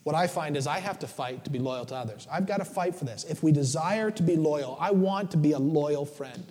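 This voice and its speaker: A man's voice: on the high side, fairly quick, a little mellow. A middle-aged male preacher giving a conversational, joking sermon, often checking in with "right?". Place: church. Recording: long church reverb.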